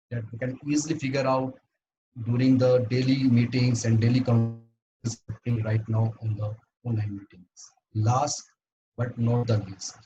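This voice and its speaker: A man giving a prepared talk at an online speakers' club meeting, earnest and halting, with frequent restarts. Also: mid-range voice, dark tone, lo-fi sound, slight background noise.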